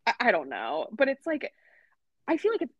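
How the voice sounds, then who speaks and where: A woman's voice: on the high side, wildly swooping pitch, moderate pace, fairly bright tone, dry recording, dull audio. A young woman co-hosting a podcast, chatting casually and animatedly, swearing and laughing often. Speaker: podcast co-host. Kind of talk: casual chat.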